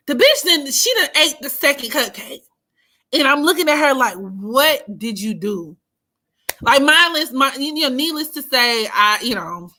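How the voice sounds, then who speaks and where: Animated, bright-voiced woman telling stories. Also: on the high side. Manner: animated, profane, laughs often. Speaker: astrology streamer. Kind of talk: casual storytelling chat.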